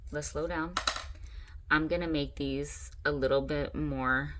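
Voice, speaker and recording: Chatty, excitable woman crafter. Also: sits low, a little slow. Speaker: craft channel host. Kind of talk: casual crafting tutorial.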